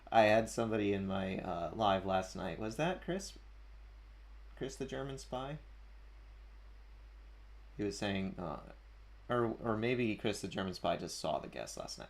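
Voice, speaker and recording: A man's voice: on the low side, gravelly. A man hosting a casual livestream, chatting and reading out viewer comments with a chuckle. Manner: chatty, chuckling, reads usernames aloud. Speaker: livestream host. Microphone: desk mic at a streaming setup.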